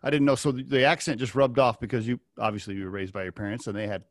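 A man with a mid-pitched voice hosts a podcast interview over a video call. He opens with a read sponsor spot, then chats loosely, repeating himself and tossing in quick okays as he listens. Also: steady tone. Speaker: podcast host.

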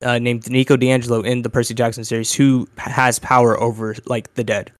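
A tired young man co-hosting a casual podcast, starting and stopping and reaching for words. His voice sits at a medium pitch, and the close mic sounds dry. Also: flat delivery, no room sound. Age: young adult. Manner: halting, full of fillers. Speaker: podcast co-host. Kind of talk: casual chat.

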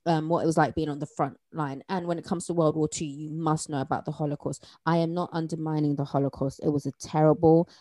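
Low mellow woman, podcast co-host, emphatic with wide pitch swings, dry mic. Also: little pitch movement, quick pace, few pauses, dry recording. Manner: emphatic, rising to forceful peaks. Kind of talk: casual chat.

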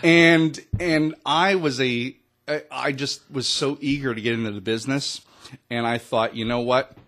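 A man's voice: medium pitch, fairly even intonation, a little slow, a bit bright. Candid, self-deprecating radio man. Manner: candid, self-deprecating storytelling with many restarts. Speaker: radio DJ and station owner. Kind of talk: casual interview chat. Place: radio studio.

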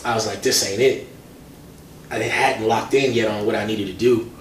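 A man, a hip-hop artist, talking as a guest in a casual interview, telling animated stories with plenty of slang. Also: on the low side, fairly quick. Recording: roomy, distant mic, faint noise.

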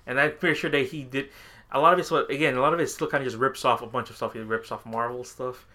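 A man's voice: medium pitch, steady tone, fast, bright, forceful tone. A young man co-hosting a podcast in casual chat, rambling and laughing often as he quotes movie lines. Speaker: podcast co-host.

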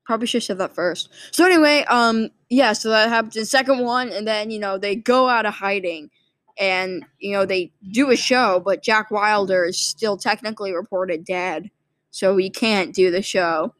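A woman's voice: mid-range voice, normal speed, fairly bright tone, dry recording. A sleepy woman casually rambling through a movie plot summary, full of fillers and restarts. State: sleepy, yawning. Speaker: movie recap vlogger.

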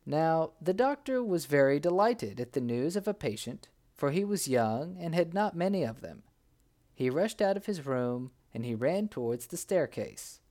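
Reading a folk tale aloud, this male narrator brings the characters' cries to life with a lively delivery. His voice sits a little high, and he keeps a moderate pace.

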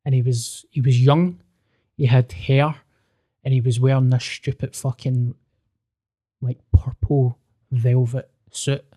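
A young man and podcast host telling a personal story in a casual, sweary, animated way, often restarting his sentences. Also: mid-range voice, slow pace, pauses often.

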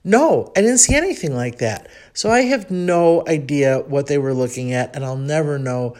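A woman's voice: low-pitched, expressive, moderate pace, a little mellow. Rambling woman with a Chicago accent. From United States (Chicago). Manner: rambling and reflective, with frequent ums. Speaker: podcast host. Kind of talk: casual podcast monologue.

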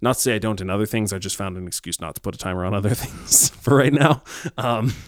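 A man co-hosting a casual faith discussion, talking reflectively with many pauses and ums. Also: fairly low pitch, dry recording, studio quality.

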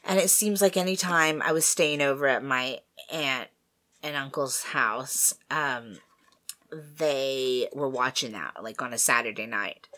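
A woman co-hosting a podcast in casual chat, reacting quickly and laughing easily. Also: rumbling low, sharp tone. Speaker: podcast co-host.

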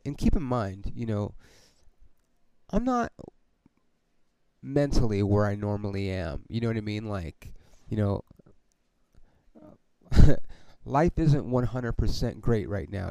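A man's voice: on the low side, creaky, no echo, poor audio. A man hosting a podcast, telling a story in a heated, profanity-heavy way, peppered with "dude" and "okay". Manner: heavy swearing, heated and animated; frequent fillers like "dude" and "okay". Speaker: podcast host. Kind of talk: casual storytelling monologue.

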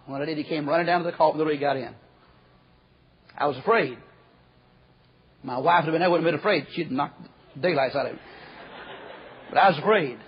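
A man preaching a folksy storytelling sermon, acting out the quoted voices and dropping to a hush at times. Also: a little high, fairly quick, pauses often, slightly rough. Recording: muffled lo-fi recording.

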